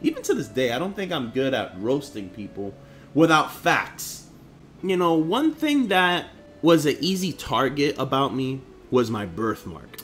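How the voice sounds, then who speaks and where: A man's voice: medium pitch, sing-song, a little slow, fairly bright tone, soft background music. A young man who grew up in Harlem, telling personal stories in a blunt, profane, slangy vlog manner. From Harlem, New York. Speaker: vlogger. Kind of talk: casual storytelling vlog.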